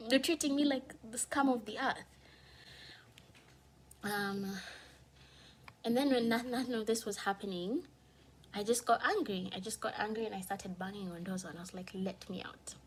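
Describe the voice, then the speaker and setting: A woman's voice: mid-range voice, normal speed, long pauses, a little hiss or hum. Emotional woman holding back tears. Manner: candid, emotional, swings from hushed to heated. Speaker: vlogger. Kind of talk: personal storytime vlog.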